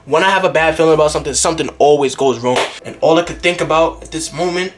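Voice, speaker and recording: A young man vlogger telling an animated storytime, jumping into other people's voices as he goes. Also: a little high, quick pace, soft background music.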